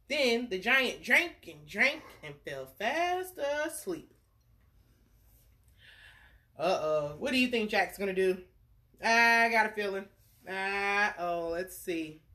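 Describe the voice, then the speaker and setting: A woman with a medium-pitched, sing-song voice reads a bedtime story aloud at a slow pace, her tone bright and forceful. Between lines she chats playfully with her young listeners, giving the story's figures playful character voices.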